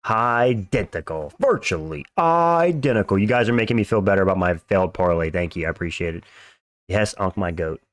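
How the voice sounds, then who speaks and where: A man's voice: sits low, fairly even intonation, fast, no room sound. A man hosting a livestream, chatting casually in slang while reacting to fights and thanking viewers for donations. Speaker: livestream host. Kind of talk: casual live fight-watch commentary.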